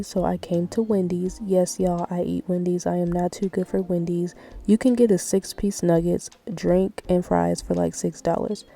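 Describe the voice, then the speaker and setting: Chatty mom vlogger. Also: female voice, lowish voice, gravelly, warm tone, rough recording. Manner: chatty, peppered with "like" and "y'all". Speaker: vlogger and mother. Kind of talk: casual vlog chat.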